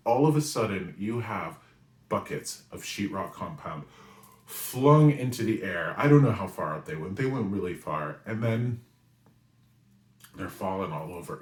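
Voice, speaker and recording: A man in his forties from New England, with a very low voice, tells a story in an animated way. He often pauses to ask "right?" The recording sounds roomy and echoey. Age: 40s. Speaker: spiritual reader and weekly message host. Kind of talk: storytelling monologue. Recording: roomy echo.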